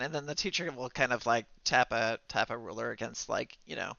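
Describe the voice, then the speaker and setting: A man running a tabletop game as game master, narrating in a halting way with many fillers and restarts. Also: medium pitch, steady tone, creaky, bright, forceful tone, dry recording, muffled recording.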